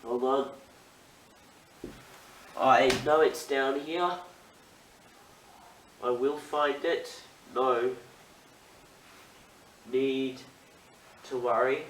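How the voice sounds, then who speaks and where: A young man with an Australian accent talks slowly and unhurriedly through a hobby tutorial. His pitch sits in the middle for a man, and he rambles in a chatty way while he works on small parts. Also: fairly even intonation, fairly bright tone, a little hiss or hum. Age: student. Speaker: model railway hobbyist.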